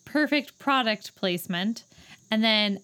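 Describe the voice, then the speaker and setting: A woman co-hosting a podcast, recapping a movie scene in a casual, incredulous, animated way. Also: a little high, unhurried, clean tone. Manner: exasperated, incredulous, animated storytelling. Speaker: podcast co-host.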